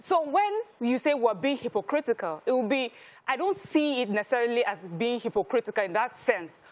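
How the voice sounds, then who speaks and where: A Nigerian woman on a television talk panel, talking in a slightly high voice. She is measured and thoughtful, and she sometimes stops to hunt for the right word as she makes her point. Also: animated. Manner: thoughtful, measured, searching for words. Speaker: TV talk show co-host. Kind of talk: studio panel discussion.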